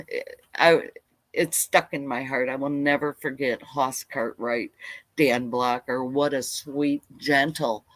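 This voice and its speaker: A middle-aged woman hosting a live homestead stream, telling childhood stories in a rambling, animated way. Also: low voice, dry recording. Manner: rambling, animated, side-tracked. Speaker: homestead channel host. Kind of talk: casual live storytelling. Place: home livestream.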